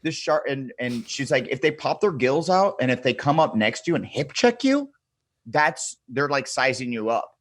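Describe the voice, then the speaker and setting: A man's voice: mid-range voice, big pitch swings, moderate pace, no echo. A man in his thirties, a podcast guest, telling a wild story in a casual, profane way and acting out the people he quotes.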